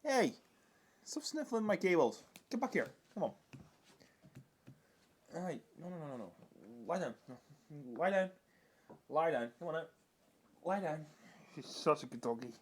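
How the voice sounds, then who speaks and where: A young man rambles through a casual vlog and keeps restarting his sentences. He scolds and coos at his dog in a slightly high voice. His pitch bounces around a lot. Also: very animated, unhurried, long pauses, slightly rough. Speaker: vlogger.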